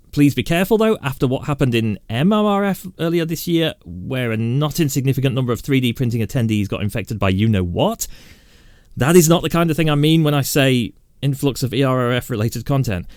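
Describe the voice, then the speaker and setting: A man's voice: medium pitch, darkish tone, no echo. A British man hosting a casual tech news roundup with a dry, self-mocking sarcastic humor. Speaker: tech channel host.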